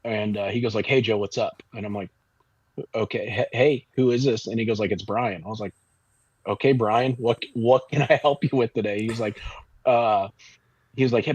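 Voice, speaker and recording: A man's voice: mid-range voice, a little mellow, husky, dry recording. A man from the Kansas City area, a barbecue pitmaster guest, telling a long rambling story in a casual interview with lots of restarts. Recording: dull lo-fi audio.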